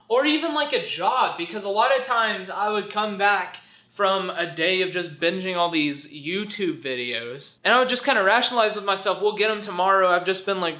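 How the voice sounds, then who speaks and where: A vlogger with a bright, high-pitched voice delivers a faith-based motivational message. He comes across earnest and preachy but playful, slipping into jokey voices to drive his point home.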